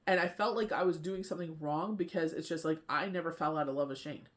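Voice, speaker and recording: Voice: medium pitch, quick pace. A tarot reader and medium in a casual spiritual talk, rambling and often asking "you know what I mean".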